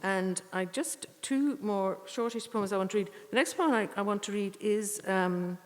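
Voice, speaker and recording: A middle-aged woman reading poetry in a measured, deliberate way, with rambling, chatty introductions between poems. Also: mid-range voice. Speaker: poet reading at a tribute evening. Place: church. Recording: long church reverb.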